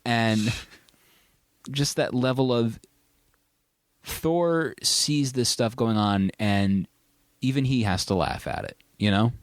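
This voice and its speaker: A man's voice: mid-range voice, expressive, slow pace, long pauses, dry recording, clean studio sound. A man hosting a casual podcast, reviewing a film with enthusiastic, rambling, joking talk. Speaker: podcast host. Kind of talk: casual movie review chat.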